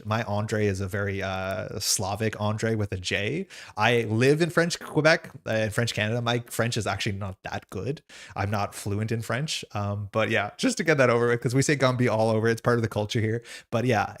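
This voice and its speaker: A young man chatting casually on a livestream, reading chat questions aloud and rambling with lots of "like". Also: medium pitch. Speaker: streamer host reading chat.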